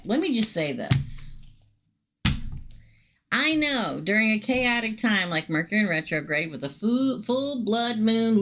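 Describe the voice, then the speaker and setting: A woman's voice: medium pitch, fairly bright tone. A middle-aged woman giving live tarot readings to viewers in a chatty, emphatic way. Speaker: tarot reader.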